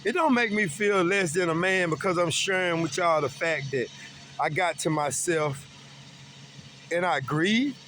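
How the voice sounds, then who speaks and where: Middle-aged man, earnest and emphatic, high bright voice, faint vehicle noise behind. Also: measured pace. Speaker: vlogger. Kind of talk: personal talk about grief.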